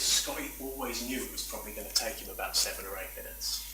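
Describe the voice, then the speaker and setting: A man's voice: on the low side, quick pace, bright, forceful tone, a little hiss or hum. A man giving a chatty, self-deprecating talk at a meetup, full of rambling asides. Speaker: conference speaker. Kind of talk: presentation talk. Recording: echoey room from far off.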